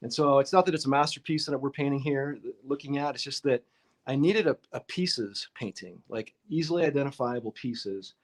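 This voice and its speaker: Man, painting instructor, live-stream lesson, casual and upbeat, average pitch. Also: normal speed. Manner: chatty and upbeat, greets viewers in the chat by name.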